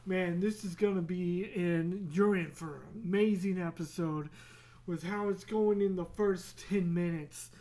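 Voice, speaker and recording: Slow, rambling male podcast host. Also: sits high, warm tone. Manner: rambling, easily sidetracked, laughs at himself; swears casually. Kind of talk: solo casual podcast chat.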